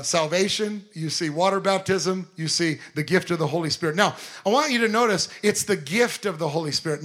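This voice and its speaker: A man preaching a sermon, animated, full of quick asides and rhetorical questions to the congregation. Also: sits high. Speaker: pastor.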